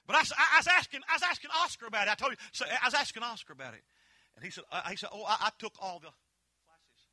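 A man with a Southern Appalachian accent preaching a holiness sermon, telling folksy stories that swell into impassioned shouts. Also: high voice, animated, fast, no echo, clean studio sound.

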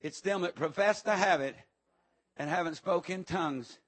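A middle-aged man preaching a rambling, impassioned revival sermon, often shouting and breaking into amens. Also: sits high, normal speed.

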